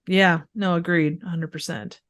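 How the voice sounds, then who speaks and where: A woman guesting on a casual movie podcast, enthusiastic and quick to laugh, sometimes searching for words. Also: lowish voice, steady tone, fairly bright tone.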